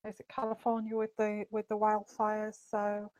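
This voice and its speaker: A woman's voice: medium pitch, monotone, normal speed, darkish tone, no echo. A woman hosting a psychic livestream, chatting casually and greeting viewers by name with plenty of ums and uhs.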